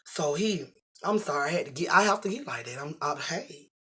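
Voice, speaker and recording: A middle-aged vlogger telling a story to the camera in a casual, animated and profane way, acting out the voices in the story. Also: mid-range voice, fairly quick, slightly rough.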